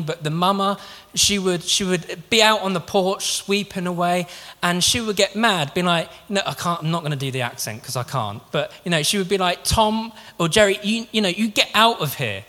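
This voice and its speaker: A man with a high-pitched, bright, forceful voice preaches a sermon in an earnest, conversational manner, frequently restarting his sentences. The recording carries the long reverb of a large hall.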